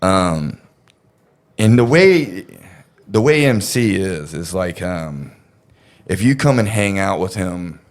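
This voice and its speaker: A man's voice: deep voice, expressive, takes it slowly. A man casually telling a story on a podcast, rambling and profane, with lots of fillers.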